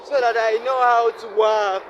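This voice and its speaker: A man's voice: very high-pitched, steady tone, a little slow, a bit bright, lo-fi sound. A Ugandan man vlogging while walking a rainy city street, musing aloud and asking himself questions over and over. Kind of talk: reflective walking vlog monologue. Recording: faint street and traffic noise.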